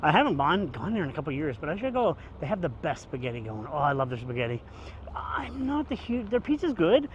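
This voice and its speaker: A man with a fairly high voice talks into his phone as he walks along the street, rambling and cracking jokes. He sounds a little out of breath from the walk. A faint hum of traffic sits in the background. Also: very animated, fast talker, dull audio. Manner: rambling, chatty, jokey. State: out of breath from walking. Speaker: vlogger. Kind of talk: casual walking vlog. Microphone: handheld phone camera.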